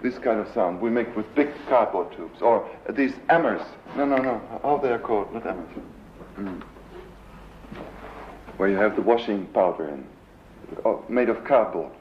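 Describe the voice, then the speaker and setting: A man's voice: fairly low pitch, moderate pace. German-accented man lecturing in a roomy hall. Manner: searching for words, imitating sounds with his voice. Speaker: composer lecturing. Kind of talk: live lecture. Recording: roomy dull 1970s lecture recording with faint hiss.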